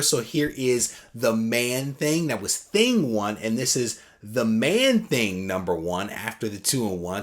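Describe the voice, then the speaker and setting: Casual man unboxing comic books. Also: medium pitch. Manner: relaxed, chatty, many "uh" pauses, reads fan mail aloud. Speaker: comic collecting channel host.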